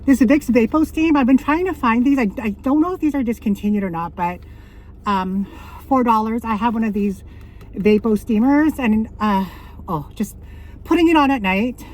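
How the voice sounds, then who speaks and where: A woman's voice: a little high, normal speed, darkish tone. Woman vlogging, chatty and rambly, keeps correcting herself, laughs a lot. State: out of breath. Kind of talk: casual chatty storytelling.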